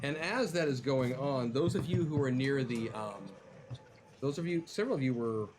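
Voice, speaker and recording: A man of middle pitch narrating a tabletop role-playing game as its game master, pausing with ums and restarting his sentences as he lays out the action. His mic carries a noticeable hiss. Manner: hesitant, many ums and restarts while describing the scene.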